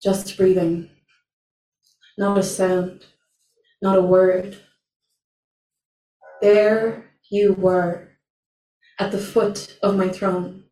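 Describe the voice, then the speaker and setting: A young woman performing a spoken word poem at an open mic, slow, deliberate and intense. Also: mid-range voice, little pitch movement, dark tone. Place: small venue, indoors. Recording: roomy, from far off.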